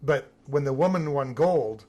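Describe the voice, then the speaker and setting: Guy w a slightly husky voice, mid pitch, telling stories in an interview, lively. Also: measured pace, dull audio. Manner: animated anecdotal telling with some vivid emphasis. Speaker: Olympic team photographer. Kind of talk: interview storytelling.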